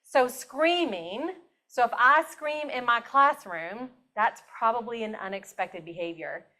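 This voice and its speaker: A woman presenting a teacher training workshop to a live audience in a meeting room, chatty and animated, laughing often as she teaches. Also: on the high side, measured pace.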